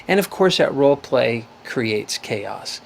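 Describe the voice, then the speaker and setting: A man's voice: medium pitch, expressive, slow, gravelly, a little hiss or hum. A middle-aged man hosting a live advice call-in show over a video call, earnest and rambling, often restarting his sentences.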